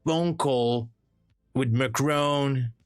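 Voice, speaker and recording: A man's voice: mid-range voice, extremely slow, clear, resonant tone, no room sound, clean studio sound, voice pushed up. A man doing a comic impression of a boastful male president, rambling and repeating big superlatives.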